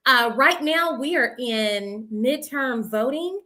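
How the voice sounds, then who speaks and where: A woman's voice: sits high, animated, takes it slowly, sharp tone. A woman hosting a community talk show, speaking in an upbeat, emphatic and encouraging way. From United States. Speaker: host.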